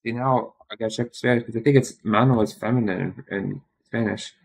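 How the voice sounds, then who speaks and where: A man's voice: mid-range voice, fairly even intonation, a little fast, gravelly, breathy edge. A man thinking aloud during a study stream, muttering and correcting himself as he works through a quiz, tired and yawning.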